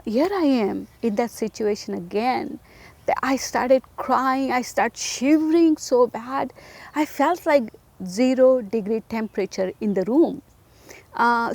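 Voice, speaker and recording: Woman, gravelly fry-tinged voice, slightly high, earnest personal testimony, repeats herself for emphasis. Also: darkish tone, no echo. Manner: direct address to the listener.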